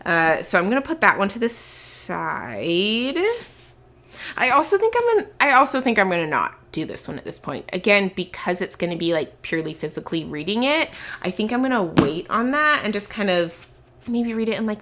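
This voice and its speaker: Young woman, casual book vlog, sick with a cough, rambles and thinks aloud, middle-pitch voice. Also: sing-song, fairly quick, a bit bright. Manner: chatty, thinking aloud, lots of "like" fillers. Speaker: book vlogger. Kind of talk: casual chat to camera.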